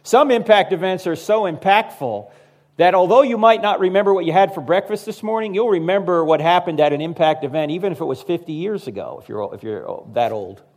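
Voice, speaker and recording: This fifties-aged public speaker talks a little fast in a voice that sits high. His comic talk to a live crowd is animated, aimed straight at the audience, and full of impersonated voices from his anecdotes.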